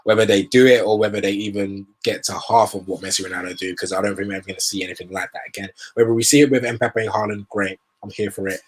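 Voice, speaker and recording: A man's voice: lowish voice, steady tone, fast talker, hardly any pauses. A young man hosting a football show, giving rambling, opinionated commentary in casual slang.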